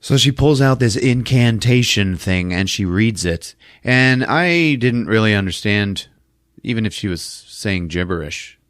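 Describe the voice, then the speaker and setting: A man's voice: lowish voice, lively intonation, a little slow, a bit bright, dry recording, studio quality. A man hosting a podcast, casually retelling a film with loose, profane energy. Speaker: podcast host recapping a film. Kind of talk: casual chat.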